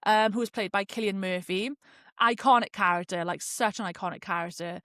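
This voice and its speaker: A woman's voice: medium pitch, a little fast, fairly bright tone, no echo, clean studio sound. A woman hosting a podcast, chatting casually and expressively, with slang and swearing. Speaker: podcast host. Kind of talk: casual chat review.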